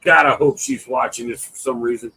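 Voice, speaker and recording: A man co-hosting a livestream, telling animated stories and loudly acting out what people said. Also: mid-range voice, a little fast, creaky, husky, low-quality recording. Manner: animated storyteller, acts out quotes loudly. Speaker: livestream co-host. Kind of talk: casual chat.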